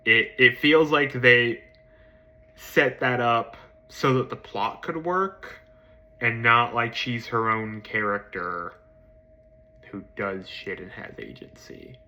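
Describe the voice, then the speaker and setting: A man giving a casual spoken film review, hesitant with many ums and restarts, swearing casually and jumping into excited emphasis. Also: slow pace. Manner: jumps to excited high-pitched emphasis.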